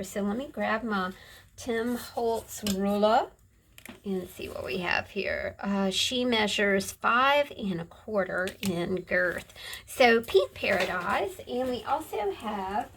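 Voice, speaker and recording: A middle-aged woman hosting a casual craft video, chatting in a soft, rambling way as she shows her handmade books. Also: medium pitch, noisy background. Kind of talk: casual show-and-tell chat.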